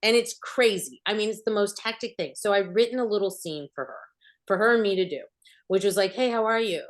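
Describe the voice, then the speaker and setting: A middle-aged woman acting coach answering panel questions, an animated storyteller who acts out bits of dialogue. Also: medium pitch, a little fast.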